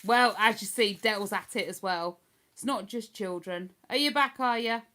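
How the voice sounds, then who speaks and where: An older woman from Hertfordshire, England, hosts a livestream, chatting casually and answering viewer comments. Her accent sits between posh and London. Her mid-range voice is bright and forceful, at a moderate pace.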